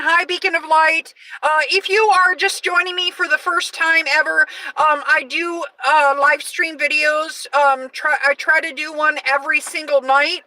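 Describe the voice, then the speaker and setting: A woman in her forties hosting a casual live stream, loud and energetic, chatting with many fillers and restarts. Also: high-pitched, no room sound, far from the mic, low-quality recording. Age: 40s.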